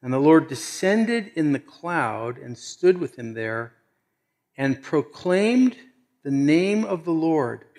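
A man preaching a sermon, animated, acting out quoted voices and swinging from loud emphasis to hushed, intimate lines. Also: fairly high pitch, slow. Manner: acts out quoted voices conversationally. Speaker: pastor.

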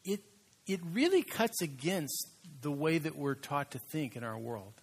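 A man preaching a sermon as pastor, conversational and emphatic, slowing down to stress key words. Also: a little high, sing-song, slightly rough.

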